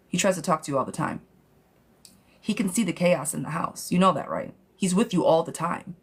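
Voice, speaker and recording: A woman giving a live-streamed tarot reading, blunt and direct, talking casually with some swearing and calling the viewer "girl". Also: lowish voice. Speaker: tarot reader.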